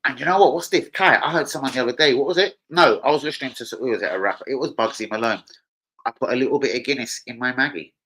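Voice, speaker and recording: A man talks loosely on his live stream, rambling between topics. He leans on slang and swears all the time. His voice sits at an ordinary middle pitch. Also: fast talker, sharp tone, husky, low-quality recording. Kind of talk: casual live stream chat. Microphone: streaming setup mic.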